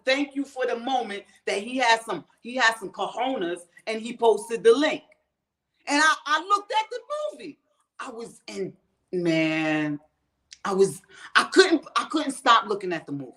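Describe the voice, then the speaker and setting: A woman's voice: on the high side, lively intonation, a little slow, a bit bright. Fired-up woman host ranting at viewers. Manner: fired-up, profane, talks straight to viewers. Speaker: show host. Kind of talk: ranting commentary.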